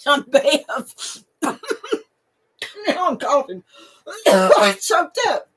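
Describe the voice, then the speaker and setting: A woman's voice: sits high, big pitch swings, extremely slow, long pauses. A woman hosting a crochet channel, chatting casually with viewers and laughing and snorting often. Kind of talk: casual live chat reading viewer comments.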